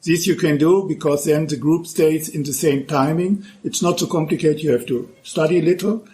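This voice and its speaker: A man, a Zen monk, calmly explaining how to drum, in plain instructional English that is not his first language. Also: a little high, normal speed. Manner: calm, plain instructional phrasing in non-native English. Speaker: Zen monk teaching drumming. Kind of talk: spoken instruction between drum demonstrations.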